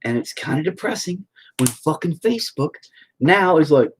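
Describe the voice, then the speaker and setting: A man's voice: fairly high pitch, lively intonation, normal speed, slight background noise. A man chatting casually on a phone livestream from home, rambling and swearing freely as he tells stories. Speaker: livestreaming painter.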